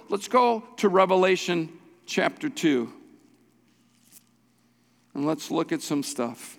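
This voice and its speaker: A man's voice: a little high, expressive, slow pace, gravelly, pauses often, a bit bright. A male pastor preaching a sermon with urgent, exhorting repetition. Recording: long hall reverb.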